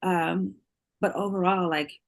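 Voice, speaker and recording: A woman in her forties, a singer, talking candidly in an interview, full of fillers and quick to laugh. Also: fairly low pitch, fairly even intonation, gravelly. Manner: candid, heavy filler use, laughs easily. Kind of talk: emotional interview conversation.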